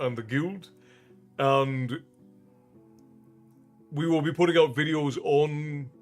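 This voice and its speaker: A man from Ireland hosting a livestream, chatting casually and greeting viewers by name in a friendly, rambling way. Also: medium pitch. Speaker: livestream host and storyteller. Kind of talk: casual chat with stream viewers.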